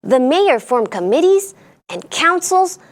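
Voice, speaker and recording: A woman's voice: high-pitched, big pitch swings, takes it slowly. A woman hosting a children's storytime, reading a picture book aloud in a sing-song storyteller voice and putting on playful voices for the characters.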